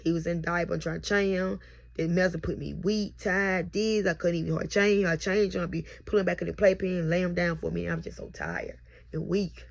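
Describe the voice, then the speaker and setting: A woman's voice: on the low side, fairly even intonation, a little fast, vocal fry. A young mother recording herself on camera as she tells a heartfelt, repetitive birth testimony. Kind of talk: emotional personal testimony. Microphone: self-recorded on camera.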